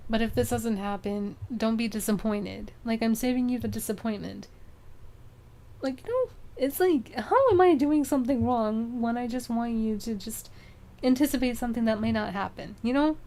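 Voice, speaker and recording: A woman's voice: fairly high pitch, normal speed, dark tone. A young woman streaming, chatting casually and rambling with lots of fillers. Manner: rambling, many fillers, frequent laughs.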